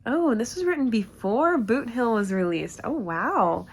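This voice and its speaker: A woman's voice: on the high side, expressive, a little slow, slightly rough. A woman creator chatting casually with viewers and reading fanfiction aloud, giggly and self-conscious, with lots of asides.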